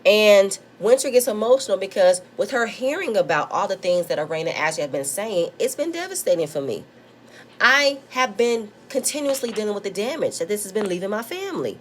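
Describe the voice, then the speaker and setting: A woman's voice: medium pitch, lively intonation, fairly quick, slight background noise. A woman giving a casual, opinionated review of a reality show episode, talking straight at the cast members and acting out their quotes. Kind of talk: casual recap commentary.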